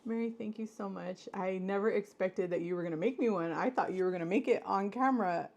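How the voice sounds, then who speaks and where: A woman hosting a casual live stream and chatting to her viewers, effusive and gushing, her voice swooping up high whenever she gets excited. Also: a little fast, creaky, lo-fi sound.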